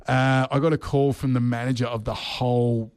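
A middle-aged man tells a rambling, self-mocking story in casual chat. His voice sits at an ordinary pitch and sounds close and dry, with no room around it. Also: flat delivery, moderate pace, darkish tone, smooth, no echo. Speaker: podcast co-host.

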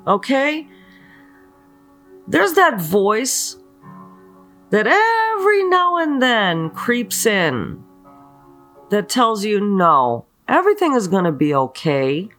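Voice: mid-range voice, a bit bright. A spiritual teacher giving an earnest motivational talk, asking many rhetorical questions and often checking in with the listener. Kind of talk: slow motivational spiritual talk leading a mantra.

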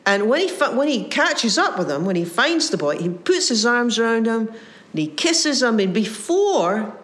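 A woman preaching a sermon, retelling a parable with lively voiced quotes and frequent restarts. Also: a little high, moderate pace. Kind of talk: sermon storytelling.

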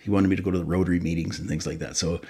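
A man's voice: deep voice, flat delivery, racing, a little mellow, slightly rough. A man in his fifties from Canada, a fire chief telling stories in a casual interview, rambling and correcting himself as he goes. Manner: rambling, self-correcting storyteller.

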